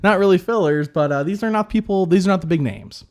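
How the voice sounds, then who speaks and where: A man's voice: high voice, quick pace. Rambling male podcast host. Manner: rambling, many fillers and restarts. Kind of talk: casual chat.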